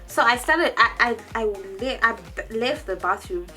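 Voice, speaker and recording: A young woman casually telling a personal story in a vlog, animated and jumping into high quoted voices, often restarting and repeating words. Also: fairly quick, hardly any pauses, soft background music. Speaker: vlogger.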